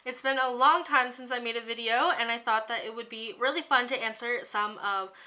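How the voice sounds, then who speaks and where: A woman's voice: on the high side, steady tone, brisk, pushed and bright. A young woman vlogging in a chatty, rambling way, with a sore throat and an occasional cough. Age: young adult. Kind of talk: casual chat to camera.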